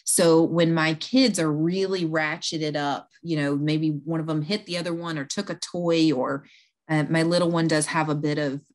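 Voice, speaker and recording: Earnest woman coaching on calm talk. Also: low voice, moderate pace. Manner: earnest, acts out quoted lines and whispers. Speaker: conversation coach guest. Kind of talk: podcast interview, explaining.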